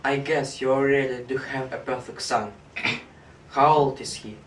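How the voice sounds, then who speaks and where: Male student, mid-pitched, careful joke delivery; roomy classroom, far mic. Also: fairly even intonation, a little slow, a little hiss or hum. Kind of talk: telling a memorized joke. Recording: echoey classroom, distant mic.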